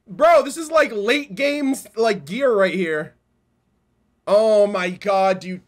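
A man reacting casually to a video game trailer, excitable, swearing freely and breaking into loud laughs and shouts. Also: high-pitched, takes it slowly. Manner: swears freely, says dude and bro.

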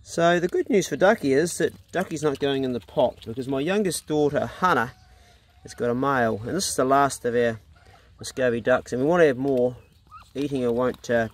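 Middle-aged kiwi bloke vlogging on the farm, chatty, birds and animals around him. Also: male voice, mid-range voice. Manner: chatty, coaxing talk to his dogs and ducks. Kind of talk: casual farm vlog talk. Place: outdoors on a rural farm.

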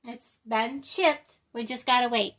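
A woman's voice: on the high side, fairly even intonation, a little slow, fairly bright tone. An older woman vlogging, out of breath, with slightly off speech, rambling and apologetic with many ums. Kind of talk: casual chat to camera.

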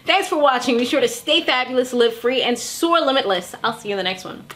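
Young woman gossiping through a tv recap, kinda high voice, super animated. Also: fairly quick, a little hiss or hum. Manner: chatty and animated, acts out quotes. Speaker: reality TV recap vlogger. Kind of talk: casual chat.

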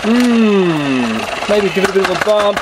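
A middle-aged man with a high voice runs a hands-on toy demonstration, chatting to his viewers and chuckling as he goes. A loud mechanical whirr and background noise run under his voice throughout. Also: lively intonation, a little slow. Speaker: toy reviewer.

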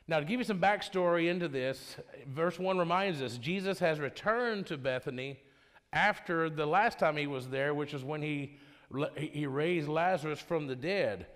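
A man's voice: on the high side, normal speed, fairly bright tone. Man preaching in a reverberant church. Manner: conversational, repeats and restarts often. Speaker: worship pastor leading Bible study. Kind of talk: informal Bible study sermon. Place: church sanctuary.

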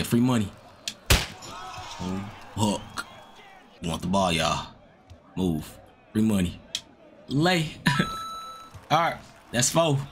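A man giving excitable commentary over his own basketball video game, trash-talking, swearing, muttering to himself and yelling when he scores. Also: fairly low pitch, background noise. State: out of breath. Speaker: gaming YouTuber. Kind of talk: live gameplay commentary. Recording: music playing under the voice.

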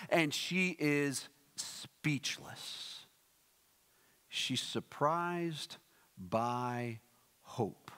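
A man preaching a sermon as a pastor, telling a story with lively acted-out quotes and then reading scripture aloud. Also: mid-range voice. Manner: animated storyteller, acts out quoted voices. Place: church sanctuary. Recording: long hall reverb.

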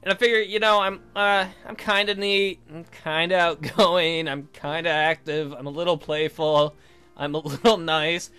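A man's voice: fairly high pitch, fairly even intonation, normal speed, sharp tone, clean tone, soft background music. A man giving casual gameplay commentary as a let's player, joking and rambling, swearing freely. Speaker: video game let's player.

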